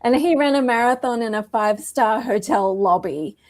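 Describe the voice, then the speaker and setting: A woman's voice: on the high side, moderate pace. A woman co-hosting a running podcast, telling stories with enthusiasm in casual chat. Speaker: podcast co-host.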